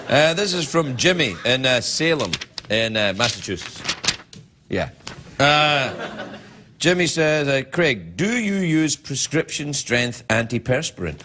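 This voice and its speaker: A man's voice: on the high side, very noisy. A male late-night host rambling through jokes and viewer emails, often slipping into comic voices. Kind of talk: late-night comedy monologue. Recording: studio with loud audience.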